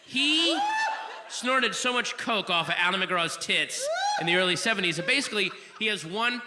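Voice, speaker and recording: A man doing a live stand-up set in a comedy club, ranting profanely and shouting at the audience. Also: sits high, lively intonation, moderate pace, in a large hall. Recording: live club recording, crowd and room noise.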